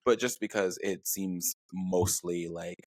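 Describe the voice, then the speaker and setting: A man's voice: low voice, steady tone, takes it slowly, darkish tone, dry recording, clean studio sound. A man co-hosting a podcast, talking things through thoughtfully with many hedges and fillers. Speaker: podcast co-host. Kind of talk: casual conversation.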